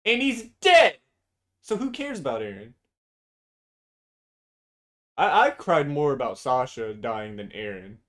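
A man with a middle-pitched voice talks in a loose, casual back-and-forth. He is blunt and profane and ready with strong opinions. He tends to wander into long tangents. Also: sing-song, unhurried, pauses often. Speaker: podcast co-host. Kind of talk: casual chat.

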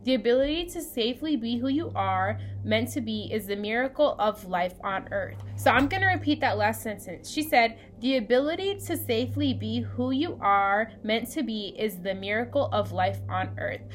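Brief: woman co-host of a spiritual podcast, slightly high-pitched, casual and chatty with lots of ums. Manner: chatty, frequent ums, addresses listeners as "you guys".

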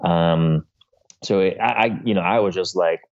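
A man chatting in a hesitant, halting comedic style. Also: sits low. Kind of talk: comedic casual chat. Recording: dull lo-fi audio.

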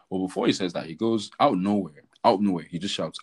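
A young man with a deep, husky voice, chatting casually as a podcast co-host. His delivery rambles from one story beat to the next, packed with slang and filler words. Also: lively intonation, brisk, low-quality recording. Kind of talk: casual chat.

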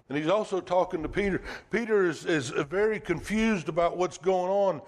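A man's voice: high voice, moderate pace, few pauses, a little hiss or hum. A male preacher delivering a sermon in a conversational way, asking the congregation rhetorical questions.

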